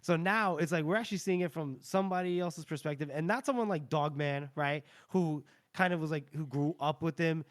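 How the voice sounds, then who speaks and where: A man's voice: fairly high pitch, fairly quick, few pauses, no room sound, studio quality. Rambling, upbeat male podcast host. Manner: rambling, animated, many fillers and restarts. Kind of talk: casual chat.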